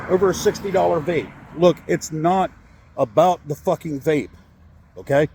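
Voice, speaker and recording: A man's voice: fairly high pitch, lively intonation, moderate pace, dark tone, a little hiss or hum. A man in his forties telling a personal story in a vlog, angry and upset, swearing and rambling with many fillers. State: upset, shaky with anger. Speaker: vlogger. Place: in a car.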